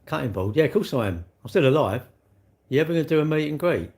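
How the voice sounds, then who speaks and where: A man's voice: a little high, expressive, fast, a little mellow. An older man, chatting casually on a live stream, blunt and teasing as he answers comments. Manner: blunt, teasing banter with chat. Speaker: livestreamer.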